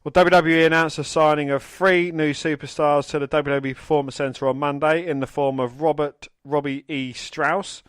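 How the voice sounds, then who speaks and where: Picture a man with a slightly high, smooth voice, heard close and dry. He co-hosts a podcast, reading news items out plainly and swearing casually in between. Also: steady tone, moderate pace, hardly any pauses, fairly bright tone, no room sound. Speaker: podcast co-host.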